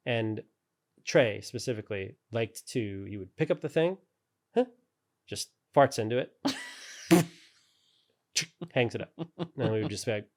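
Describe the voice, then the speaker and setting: A man's voice: fairly low pitch, unhurried, pauses often, darkish tone. A man telling stories in a casual interview, rambling and laughing often. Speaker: character animator guest.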